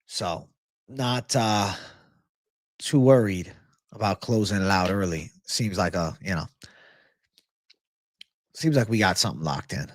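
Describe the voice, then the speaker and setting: A man's voice: sits low, a little slow, long pauses, dry recording, clean studio sound. Profane, hyped man hosting a livestream. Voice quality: profane, hyped, chatty, reacts aloud to live chat. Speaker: livestream host giving betting picks. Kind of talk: casual livestream chat.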